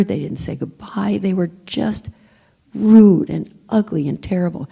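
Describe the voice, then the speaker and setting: A woman's voice: mid-range voice, unhurried, creaky, mellow, breathy edge. A woman telling a personal story in a church talk, candid and emphatic, often searching for words. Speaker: speaker.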